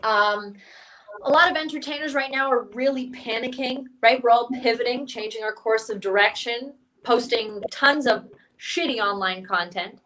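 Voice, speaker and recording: A young woman from Canada doing a stand-up comedy set for an online stream, with a deadpan, self-mocking delivery. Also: fairly high pitch, normal speed, low-quality recording.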